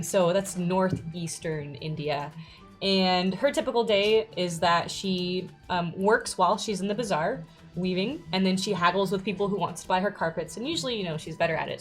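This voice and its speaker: A tabletop player, a woman who describes her character in a chatty, teasing way. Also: on the low side.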